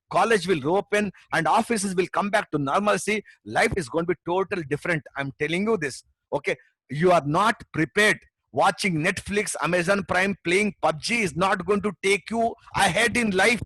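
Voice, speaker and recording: A middle-aged man with an Indian English accent, giving a passionate, pushy webinar sales pitch as a memory trainer, full of tag questions. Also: pushed and bright, husky, no room sound.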